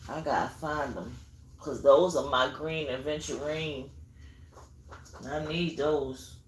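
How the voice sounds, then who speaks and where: A tarot reader gives a live reading, her deep voice moving slowly over slight background noise. She chats straight to her viewers and wanders into asides while hunting for things.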